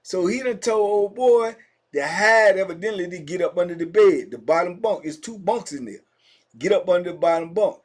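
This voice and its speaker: A middle-aged man telling a prison story in a casual, animated way, full of slang and talking straight to his listeners. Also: sits high, normal speed.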